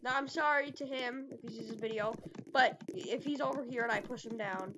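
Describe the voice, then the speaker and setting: A woman's voice: a little high, fairly quick. Giggly woman trash-talking through a noisy game. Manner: giggly, excitable trash talk. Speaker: gaming video creator. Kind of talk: playful game commentary. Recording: noisy recording with clicks.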